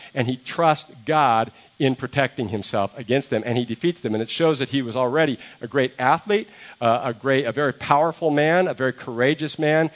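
A man preaching a sermon, telling a story in a relaxed, conversational way and acting out the quoted lines. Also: medium pitch. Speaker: pastor.

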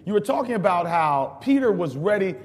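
A man's voice: high voice, sing-song, fairly quick, long reverb tail. A man co-preaching a dialogue sermon, emphatic and repetitive as he drives home warnings to the congregation.

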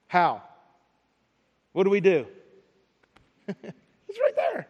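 This sermon comes from a middle-aged pastor whose voice sits high and has a sing-song lilt, moving a little slowly with long pauses. He talks conversationally, repeating himself and tagging sentences with "right?", and large-hall reverb surrounds him.

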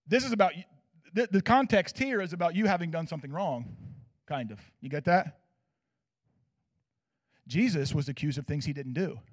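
A man preaching a sermon as pastor, swinging from loud declarations to hushed asides and checking in with his listeners. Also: a little high, lively intonation, normal speed, pauses often. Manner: asks the audience for agreement.

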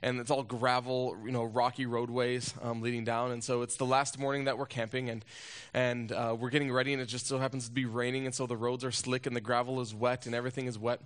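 A man preaching a sermon as a pastor, telling a personal story and asking rhetorical questions, swinging between loud urgency and hushed moments. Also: mid-range voice, flat delivery, fast talker, smooth.

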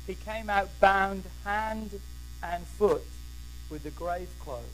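A man with a high voice preaches a sermon, rousing his listeners and calling on them to respond. He swings from loud declarations to quieter, slower storytelling. A faint electrical hum sits under the recording. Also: poor audio. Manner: rousing, call-and-response with the congregation.

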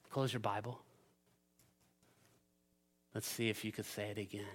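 A man preaching a sermon as pastor, animated and playful, swinging between loud urgency and quiet emphasis. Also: medium pitch, moderate pace, long pauses. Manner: playful asides and silly voices for the disciples.

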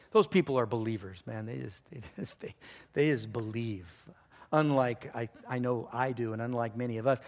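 A man preaching a sermon as pastor, telling a story earnestly, with sudden excited rises and quiet drops. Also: medium pitch.

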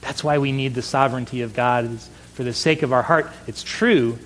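A middle-aged man preaching a sermon in an earnest voice, slowing down for emphasis. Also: medium pitch, a bit bright, slight background noise, low-quality recording. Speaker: pastor.

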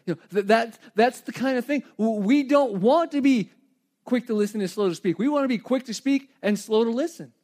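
A middle-aged man preaching a sermon in a conversational, animated way, with asides and light humor. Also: extremely high pitch, fairly quick. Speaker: pastor.

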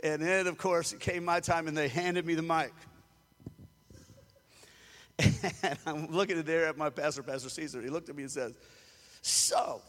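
A man's voice: fairly high pitch, steady tone, normal speed, pauses often, a bit bright, long reverb tail. A man from Louisiana, preaching a sermon as a storyteller who acts out the quotes and chuckles often. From Louisiana, USA. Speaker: pastor.

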